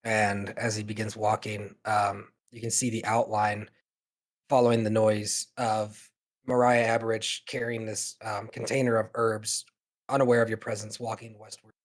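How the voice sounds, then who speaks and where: A man narrating as game master of a tabletop game, relaxed and meandering with many fillers. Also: fairly low pitch, normal speed.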